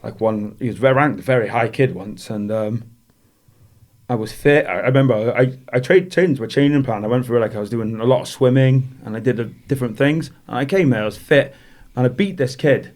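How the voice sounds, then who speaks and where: A man's voice: mid-range voice, brisk, a little mellow. A man, a former boxer telling rambling stories as a podcast guest and laughing through them. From Wales. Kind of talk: casual storytelling in a podcast interview.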